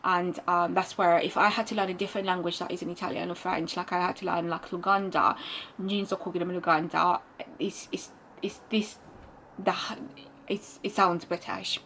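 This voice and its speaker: A woman's voice: on the low side, fairly even intonation, normal speed, fairly bright tone, slight background noise, poor audio. A woman vlogger telling a spiritual storytime in a rambling, musing way, with many restarts and fillers and a laugh now and then. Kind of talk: casual storytime monologue.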